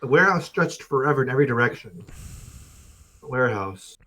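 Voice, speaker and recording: Male streamer narrating a story game, casual and jokey, even middle voice. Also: medium pitch, a little fast, poor audio. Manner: casual, joking asides between narrated lines. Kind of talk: reading a visual novel aloud on stream.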